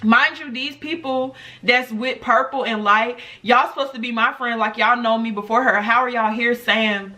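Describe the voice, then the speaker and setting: A young woman from the United States telling a personal story on her vlog, talking to viewers in an animated, chatty way. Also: fairly high pitch, moderate pace, few pauses. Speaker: vlogger.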